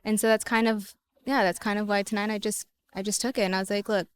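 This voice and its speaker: A woman of middle pitch talks casually as an interview guest, piling up "like" fillers as she tells her stories. She slips into quoted dialogue to act out old conversations. Her voice sits in an everyday register, neither high nor low. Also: steady tone, fast talker, clear, resonant tone. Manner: chatty storytelling, many "like" fillers, laughs often; acts out past conversations in quoted lines. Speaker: interview guest, former reality dating show contestant.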